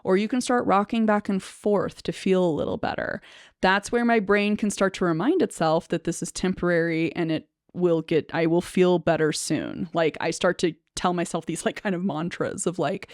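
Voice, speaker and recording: A woman speaking as a speech-language pathologist, explaining a personal experience to camera in a reflective, halting way, with frequent fillers, restarts and soft nervous laughter. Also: on the low side, dry recording, clean studio sound.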